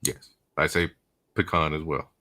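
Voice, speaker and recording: A laid-back man hosting a casual live stream, speaking in a very low, deep voice. He keeps the talk going by asking his guests questions and reading out viewer comments. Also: normal speed, fairly bright tone. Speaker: host. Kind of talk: casual chat.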